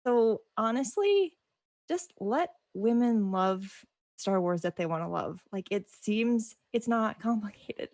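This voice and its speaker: A woman's voice: mid-range voice, animated, slow pace, darkish tone, no room sound, clean studio sound. A woman guest on a casual podcast, speaking earnestly with frequent "like" fillers. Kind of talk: casual chat.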